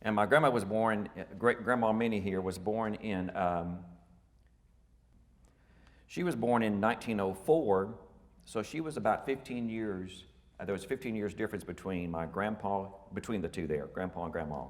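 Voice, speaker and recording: A man in his fifties gives a family history lecture in a folksy, meandering way, pausing on fillers and correcting himself as he goes. His voice sits fairly low. The sound carries a long reverb from a large hall. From Texas. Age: 50s. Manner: folksy and rambling, with many fillers and self-corrections.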